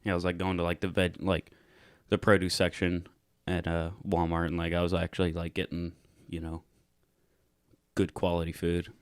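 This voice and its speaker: Low-voiced young man rambling casually. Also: completely flat delivery, moderate pace, no echo, studio quality. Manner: rambling, heavy use of "like" fillers. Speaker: podcast co-host. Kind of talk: casual chat.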